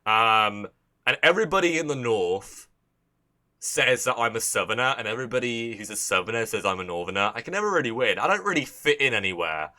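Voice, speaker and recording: This young livestream host from the English Midlands has a medium-pitched, sharp voice with lively intonation and a slightly fast delivery. Chatting casually with viewers in his Midlands accent, he wanders between topics, swears often, and keeps restarting sentences.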